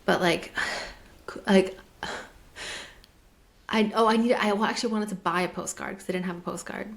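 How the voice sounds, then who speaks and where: A woman's voice: mid-range voice, fairly even intonation, moderate pace, creaky. A woman co-hosting a podcast in casual chat, telling rambling stories and acting out the other people's lines, with lots of "like". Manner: rambling storyteller, acts out dialogue, frequent "like". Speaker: podcast co-host. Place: lives in German-speaking Switzerland.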